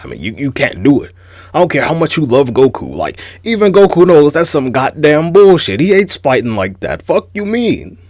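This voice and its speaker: A young adult man hosting a casual, profane commentary rant, animated and incredulous. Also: on the high side, brisk, no room sound, studio quality. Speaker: host.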